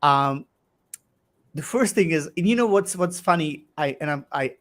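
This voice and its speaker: A man's voice: on the high side, animated, moderate pace, a bit bright. A man hosting a live-streamed interview, chatty, reading out viewer comments and asking questions. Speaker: host.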